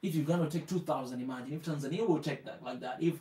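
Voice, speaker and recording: An impassioned man with an East African accent, his voice a little high for a man. He preaches, repeats himself and asks one rhetorical question after another. He sounds set back from the mic in an echoey room. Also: fast, mellow, far from the mic. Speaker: live show host. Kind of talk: impassioned live-stream talk.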